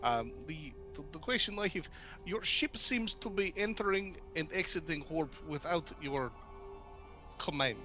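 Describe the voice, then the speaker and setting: A man's voice: fairly high pitch, expressive, measured pace, pushed and bright, faint music behind. A man voicing a polite, formal crewman who speaks in stiff phrasing with hesitant restarts.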